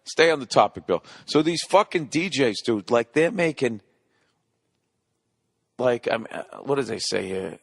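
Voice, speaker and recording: A man's voice: medium pitch, lively intonation, normal speed, vocal fry, no room sound, studio quality. A man in his forties hosting a solo comedy podcast, ranting profanely and rambling, scolding himself back on topic. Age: 40s. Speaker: podcast host.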